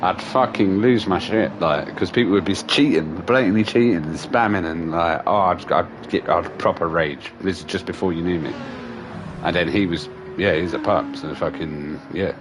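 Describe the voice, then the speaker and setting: A man's voice: low voice, normal speed, background noise. A young man, a livestream host, telling stories in casual chat, laughing often and swearing freely. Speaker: streamer host.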